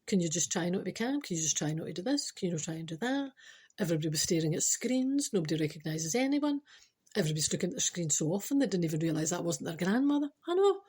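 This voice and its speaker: A Scottish woman hosts a podcast, telling a comic story laced with spiritual advice. She's chatty and animated, full of teasing asides, speaking fast in a lowish, breathy-edged voice.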